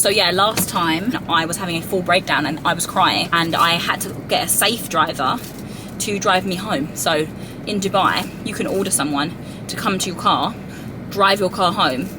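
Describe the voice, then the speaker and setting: A woman, vlogging candidly and chattily about her day as a new mum. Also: lowish voice. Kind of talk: casual vlog chat. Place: car, then hospital hallways. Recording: noisy background.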